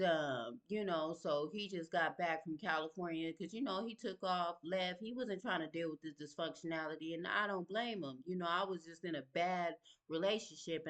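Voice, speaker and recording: A middle-aged woman telling a personal story in a lively, slangy way, often checking in with the listener. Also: fairly low pitch, moderate pace, few pauses. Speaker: vlogger sharing her story.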